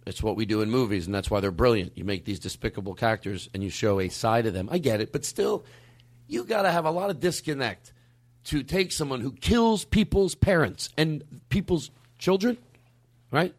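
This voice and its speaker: A man co-hosting a comedy podcast, talking in goofy, loose banter and quick to laugh. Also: medium pitch. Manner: animated, goofy, quick to laugh and do silly voices. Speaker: podcast co-host.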